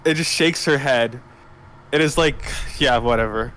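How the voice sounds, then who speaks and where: A man's voice: medium pitch, measured pace, a bit bright, low-quality recording. Rambling young man running a tabletop game. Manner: rambling, filler-heavy, laughing. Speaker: game master.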